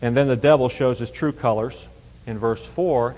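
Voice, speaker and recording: A man's voice: mid-range voice, moderate pace, darkish tone, long reverb tail, rough recording. A man teaching a Bible passage verse by verse, emphatic and explanatory, often asking rhetorical questions.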